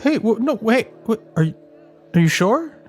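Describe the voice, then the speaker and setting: A kind young hobgoblin boy, played by a man in a tabletop role-play, earnest and a little hesitant. The voice sits high and swings lively up and down. Faint music plays beneath. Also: moderate pace.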